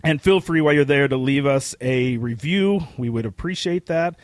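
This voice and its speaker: A man co-hosting a casual pop-culture podcast. He talks in a rambling, excitable way with casual swearing, and his voice is getting hoarse. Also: medium pitch, normal speed, dry recording. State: losing his voice. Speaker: podcast co-host. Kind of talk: casual chat.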